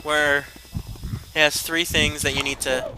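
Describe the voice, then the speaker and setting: Loud game music fills the background as a young man narrates his gameplay for viewers in a let's-play stream. His voice is a bit high, level in tone, and a little slow, and his commentary is rambling and self-deprecating.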